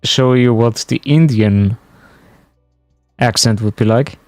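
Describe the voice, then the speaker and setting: A man's voice: medium pitch, slow pace, a little mellow, no room sound, soft background music. A man chatting casually to his stream viewers while playing, musing aloud as he goes. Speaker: game streamer. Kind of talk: casual live-stream commentary.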